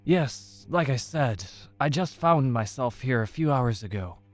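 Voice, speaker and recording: A man voicing a lost, agitated stranger in a horror story who speaks loudly and urgently. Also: medium pitch, expressive, a little slow, soft background music, pitched above the performer's own voice, close to an everyday voice. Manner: loud and urgent. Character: lost young man, agitated and pressing for answers.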